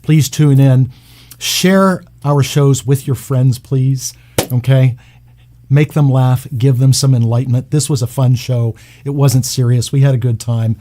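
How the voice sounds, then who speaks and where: A male talk radio host with a mellow, warm tone. He keeps things easygoing and agreeable, chatting casually with his guest and wrapping up the show. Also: mid-range voice, fairly even intonation, measured pace, a little hiss or hum. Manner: easygoing, agreeable sign-off banter.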